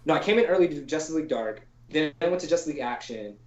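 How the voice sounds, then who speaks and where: A man, a storyboard artist, chats as a podcast guest in a loose, slangy voice, peppering his talk with "like" and casual swearing. He slips into animated voices when he quotes people. The call audio is roomy and a bit dull and lo-fi. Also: fairly high pitch, very fast. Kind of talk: casual anecdotal storytelling in an interview.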